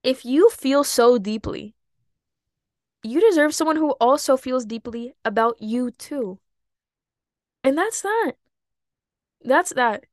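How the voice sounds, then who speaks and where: A young woman talks through her own podcast episode in a candid, animated way, laughing at herself and sometimes breaking into sudden high outbursts. Her voice sits a little high. The sound is dry and close, with no room around it. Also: slow pace, long pauses, no room sound. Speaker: podcast host. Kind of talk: personal podcast monologue.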